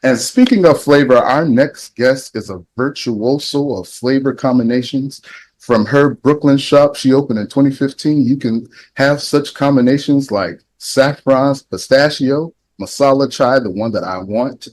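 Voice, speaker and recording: A man's voice: medium pitch, a little slow, a little mellow, low-quality recording. An effusive man hosts a live online event over a video call, his voice sitting in a middling register. He talks upbeat and laughs easily between his lines. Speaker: event host.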